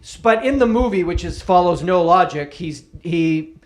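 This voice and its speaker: A man's voice: sits high, expressive, moderate pace. A man co-hosting a podcast in casual comedic chat, riffing and slipping into mock voices. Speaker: podcast co-host.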